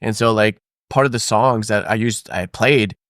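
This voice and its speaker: A man's voice: lowish voice, normal speed, no echo, clean studio sound. A man, a drummer guest on a podcast, talking casually with lots of fillers and restarts. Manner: relaxed, rambling with many fillers. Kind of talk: casual interview chat.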